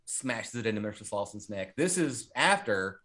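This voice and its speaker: This podcast host, an ordinary-sounding man, chats casually about a horror movie, rambling, swearing freely, and using lots of "like"s and "um"s. His fairly low voice has a sing-song lilt and a pushed, bright quality, and he talks at a moderate pace.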